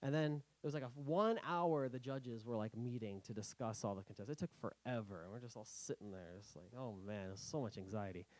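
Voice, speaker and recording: A young man giving a casual personal talk, halting and self-correcting with many fillers, acting out his past worries. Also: medium pitch, low-quality recording. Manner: animated, acting out his own past thoughts. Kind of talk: casual storytelling speech.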